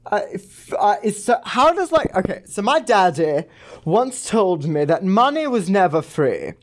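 A man doing a flamboyant male caller who rambles and stumbles through halting phrases. He has a Valley-style drawl that slides toward a prim British lilt, pitched a bit higher than a plain speaking voice. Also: sing-song, exaggerated voice. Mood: rambling. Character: flamboyant crude male scam-call victim, Valley drawl.

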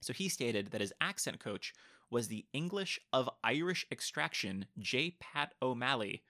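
Bright-voiced enthusiastic young man. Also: mid-range voice, animated, no room sound, clean studio sound. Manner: enthusiastic, joking, quick reactions. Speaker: podcast co-host. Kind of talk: casual chat.

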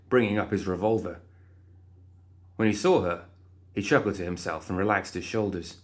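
A man narrating a story in an expressive storytelling style. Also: sits low, moderate pace.

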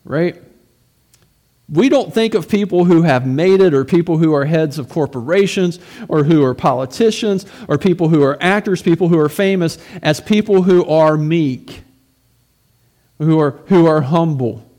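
A man's voice: on the high side, moderate pace, dark tone. A man, a pastor, preaching a sermon in a conversational way, asking rhetorical questions and often repeating words as he goes.

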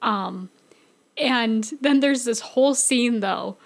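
Female co-host, slightly high pitch, emotional storyteller in casual gaming chat. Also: slow, gravelly. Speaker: podcast co-host.

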